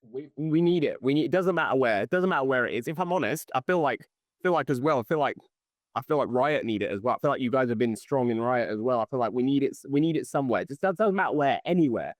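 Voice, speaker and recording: A man's voice: mid-range voice, animated, no room sound. Eager male podcast host, dry sound. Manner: enthusiastic, quick reactions. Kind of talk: casual interview chat.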